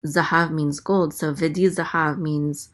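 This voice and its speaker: Low-voiced woman teaching slowly, hesitant. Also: fairly even intonation, a bit bright. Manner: hesitant, many ums, slow careful sounding-out. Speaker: Hebrew teacher. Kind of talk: casual teaching, spelling out letters.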